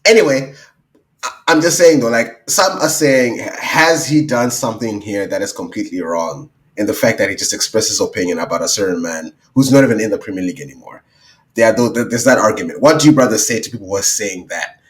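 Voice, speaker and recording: A man co-hosting a podcast in casual chat, animated and laughing, acting out what others might say. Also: on the low side, brisk. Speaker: podcast co-host.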